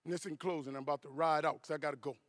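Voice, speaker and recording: A man's voice: a little high, fairly even intonation, rapid-fire, dry recording, studio quality. A middle-aged man giving a commencement speech, telling stories in a preacherly way that builds to punchy climaxes. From New Orleans. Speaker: commencement keynote speaker.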